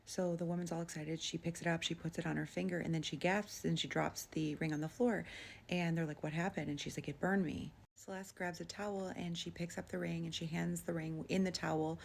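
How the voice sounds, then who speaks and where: Woman storyteller: low, gravelly, quick, conversational. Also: steady tone, a little hiss or hum. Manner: conversational, with frequent filler "like". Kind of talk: casual retelling of a paranormal story.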